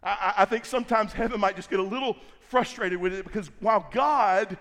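A middle-aged man preaches from the pulpit in a notably high voice, leaning hard on repeated phrases and stretching out the words he wants to stress. His voice rings through a large church hall with a long reverb trailing each line. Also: fairly quick, a bit bright. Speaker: pastor. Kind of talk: sermon.

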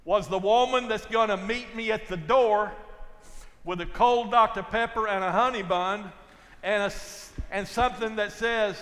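An older man preaching a sermon, telling folksy stories and swinging from loud to hushed. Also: sits high, long reverb tail. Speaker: pastor.

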